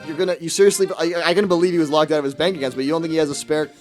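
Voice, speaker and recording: A man hosting a radio show, ranting in a quick, exasperated way and putting on mock quotes during casual chat. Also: on the high side, darkish tone, faint music behind.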